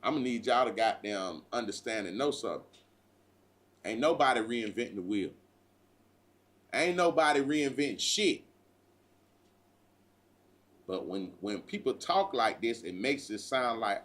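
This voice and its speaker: A man's voice: mid-range voice, very animated, normal speed, pauses often. A man hosting a livestream, giving a profane, preachy street-talk monologue and repeatedly calling listeners "bruh". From United States. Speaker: livestream host.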